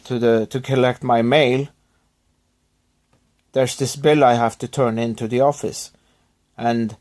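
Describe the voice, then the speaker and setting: A man recovering from illness, talking to his viewers in a subdued, halting, apologetic way with many restarts. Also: medium pitch, fairly even intonation, a little mellow. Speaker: YouTuber thanking subscribers. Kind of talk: rambling personal vlog.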